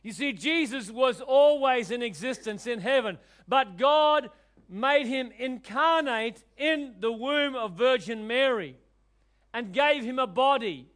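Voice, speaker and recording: A man preaching a sermon, acting out quoted voices and swinging between loud declarations and soft asides. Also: very high-pitched, animated, takes it slowly.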